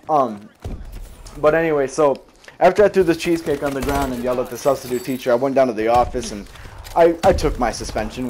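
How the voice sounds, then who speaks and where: A man's voice: medium pitch, a little mellow, a little hiss or hum. A young man casually telling a long personal story from his school days, rambling, swearing and correcting himself as he goes. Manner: rambling, profane, self-correcting. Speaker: storyteller recounting a school memory.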